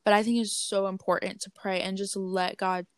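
A woman's voice: mid-range voice, little pitch movement, normal speed. A young woman hosting a casual faith-based chat, upbeat and affirming, with lots of fillers. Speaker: host.

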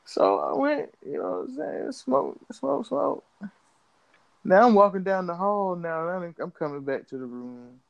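A man's voice: high voice, big pitch swings, measured pace, vocal fry, no echo, muffled recording. A young man, a podcast co-host, telling a story in casual slang and acting out his own reactions.

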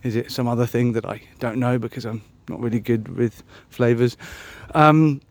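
A man's voice: medium pitch, normal speed, gravelly, dry recording. A man musing aloud on a solo podcast, meandering and self-mocking, with many ums and restarts. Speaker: podcast host. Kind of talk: rambling solo podcast chat.

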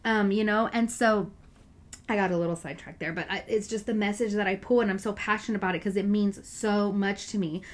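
A woman's voice: mid-range voice, steady tone, brisk. A woman giving a casual, earnest Bible reflection, chatty and full of filler words. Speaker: Bible study speaker.

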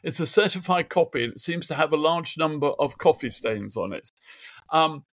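A man's voice: a little high, normal speed, no room sound. A middle-aged man, a guest biographer, telling stories in a remote interview from his home office desk, with lots of fillers and acted-out quotes. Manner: animated anecdotes with acted quotes, many fillers. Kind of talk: conversational interview storytelling.

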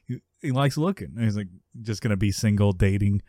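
Animated man recapping a sitcom, laughing. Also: brisk, no echo, studio quality. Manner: animated, laughs often, acts out characters in a high yelling voice. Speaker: podcast co-host. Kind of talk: casual chat recapping a sitcom episode.

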